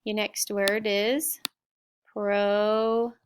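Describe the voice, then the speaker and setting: A middle-aged woman teacher slowly sounding out spelling words and explaining vocabulary in a recorded lesson. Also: medium pitch, fairly even intonation, a bit bright, slight background noise. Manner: slow, clear word-by-word sounding out.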